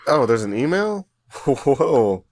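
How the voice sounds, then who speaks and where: A man co-hosting a casual podcast, chipping in wry, deadpan quips. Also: mid-range voice, slow pace, no room sound. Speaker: podcast co-host.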